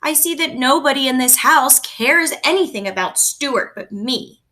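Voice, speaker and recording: A woman's voice: high voice, expressive, normal speed, sharp tone, voice pushed up, full character voice. A woman reading aloud, voicing an eager, impulsive boy who sounds a little whiny. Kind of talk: storybook read-aloud.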